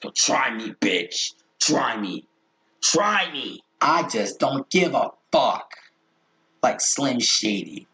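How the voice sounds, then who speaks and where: Slow, taunting male streamer. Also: mid-range voice, big pitch swings, sharp tone. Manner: taunting, chanting, profane.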